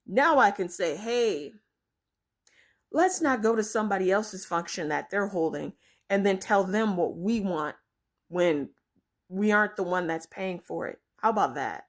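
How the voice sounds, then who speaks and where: A woman's voice: medium pitch, lively intonation, measured pace. A young woman vlogging her opinions, blunt and exasperated, swearing freely as she rants to her viewers. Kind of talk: opinion rant to camera.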